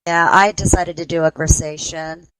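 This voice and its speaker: A woman's voice: on the low side, steady tone, moderate pace, a crowd in the background, low-quality recording. Giggly woman telling ghost-hunt stories. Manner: giggly storyteller, breaks into laughter. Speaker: paranormal investigator guest. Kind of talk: casual radio chat.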